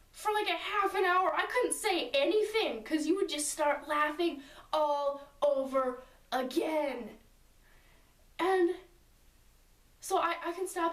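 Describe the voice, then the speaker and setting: A high-pitched woman chats through a story in a loose, rambling way, stringing thoughts together with little asides. Her voice sits back from the mic and rings around a roomy space. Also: recorded from a distance. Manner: chatty, rambling with many "like" and "and so" asides. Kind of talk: casual storytelling to a friend. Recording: roomy sound from away from the mic.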